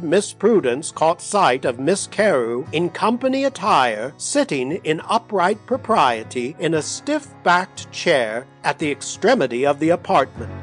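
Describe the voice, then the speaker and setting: A man reading a ghost story aloud as a narrator, expressive and lifting his voice for the characters. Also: a little high. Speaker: audiobook narrator.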